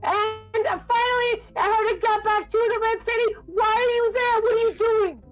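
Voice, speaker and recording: A woman's voice: fairly even intonation, normal speed, over music. A woman voicing a fussing, doting dwarf mother who scolds her son in a tabletop game. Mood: scolding. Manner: shrill, scolding. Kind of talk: tabletop role-play voicing.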